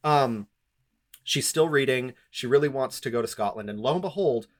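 A man's voice: medium pitch, normal speed. A man co-hosting a podcast, recapping a novel in a sarcastic, rambling, profane way. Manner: sarcastic, rambling, with many fillers. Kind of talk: casual, profane book-recap chat.

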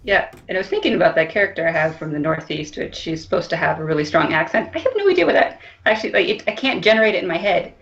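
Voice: medium pitch, animated, quick pace, vocal fry, hardly any pauses, fairly bright tone, highs cut off. A podcast co-host chatting casually, skeptical and careful when explaining things. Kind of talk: casual chat.

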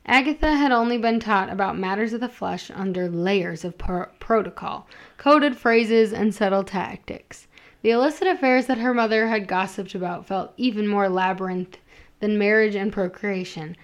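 Woman reading a story aloud, amused, middle pitch, slips and restarts. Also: normal speed. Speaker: story reader and co-host.

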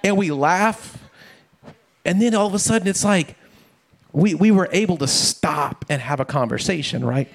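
Man, middle-aged pastor, slightly high voice, casual sermon, chatty, repeats himself. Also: moderate pace, gravelly. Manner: conversational, repeats words, asks "right?" often. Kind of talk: casual sermon with family stories.

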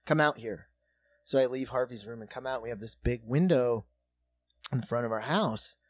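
A man in his thirties hosting a comedy podcast, telling a story casually with lots of swearing. He drops to a hush and then gets loud as it builds. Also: medium pitch, moderate pace, dry recording. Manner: profane, animated, swings between hushed and loud.

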